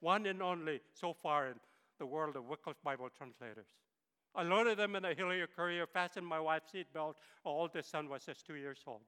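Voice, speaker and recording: A man's voice: a little high, normal speed, sharp tone, clean tone, big-room sound. A man, giving an impassioned sermon testimony as a guest speaker in a church. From northern Philippines. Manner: impassioned storytelling. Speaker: missionary pilot, guest speaker.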